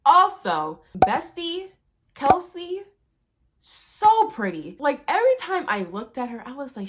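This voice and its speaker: A chatty woman recaps a thriller in loose, slangy, playful talk. Her voice sits at an ordinary middle pitch, easygoing and conversational. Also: sing-song, slow. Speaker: movie recap vlogger. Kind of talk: casual movie recap.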